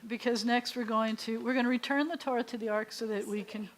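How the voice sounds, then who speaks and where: A woman rabbi guides a synagogue service in a slightly high voice, giving relaxed instructions and light jokes. Faint background noise sits under her voice. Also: fairly quick. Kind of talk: leading a worship service. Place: synagogue sanctuary.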